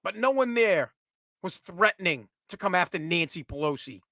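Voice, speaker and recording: A man's voice: high voice, lively intonation, normal speed, bright, forceful tone, dry recording, studio quality. A man giving heated, blunt, profane solo commentary.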